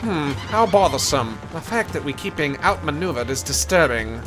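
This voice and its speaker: A man's voice: a little high, animated, normal speed, over music, close to an everyday voice. A man putting on a pompous penguin detective. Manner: theatrical, self-important declarations.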